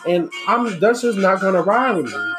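A woman's voice: mid-range voice, very animated, moderate pace. A woman talking bluntly and profanely in an exasperated, candid monologue. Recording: music playing behind the voice. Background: music.

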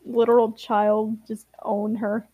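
A woman's voice: fairly high pitch, flat delivery, takes it slowly, slightly rough, no echo, phone-quality sound. A woman co-hosting a podcast, chatting in an amused, talkative way about the story. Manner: amused, chatty, laughs between remarks. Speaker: podcast co-host. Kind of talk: casual chat commentary.

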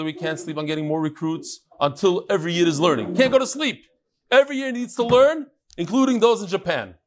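Rabbi guy teaching talmud, jokey and animated, ribs the crowd, voice a bit on the high side. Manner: animated, teasing, addresses the audience directly. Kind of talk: Talmud lesson with joking banter.

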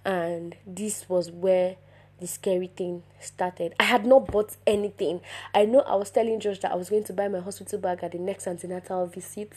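Animated woman telling a personal story. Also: normal speed, husky. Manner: animated, with sudden bursts of louder, higher emphasis; addresses viewers directly. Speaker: vlogger telling her birth story.

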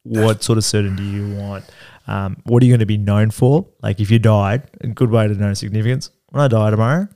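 A man's voice: fairly low pitch, fairly even intonation, a little fast, few pauses, warm tone. A man in his thirties co-hosting a podcast in casual chat, rambling with fillers and casual swearing. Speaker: podcast co-host.

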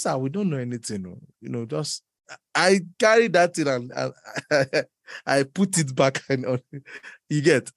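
A man preaching a sermon in an animated, teasing way, laughing often and leaping up in pitch. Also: no room sound, studio quality. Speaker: pastor.

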